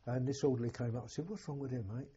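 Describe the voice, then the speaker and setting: An older English man, a war veteran, telling an oral history in a halting, plain-spoken way with a husky voice. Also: medium pitch, fairly even intonation, mellow, muffled recording. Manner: halting, plain-spoken storytelling with many restarts. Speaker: war veteran recounting memories.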